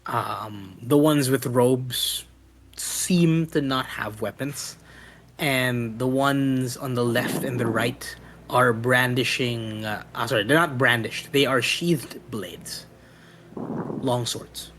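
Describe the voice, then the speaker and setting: A man narrating a tabletop game as game master, often pausing and searching for words. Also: mid-range voice, noisy background. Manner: halting, searches for words with many ums.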